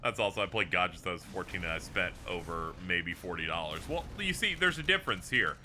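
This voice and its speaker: Talking fast over slight background noise, a man streams a game and chats loosely with viewers, laughing and swearing. His lively delivery lurches from squeaky highs down to low mutters.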